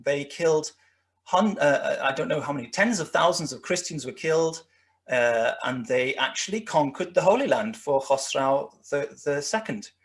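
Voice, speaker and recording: Here the man's voice sits a little high and sounds animated, moving at a normal speed. He's a guest lecturer covering history alongside slides, and he rambles, restarting often and leaning on fillers.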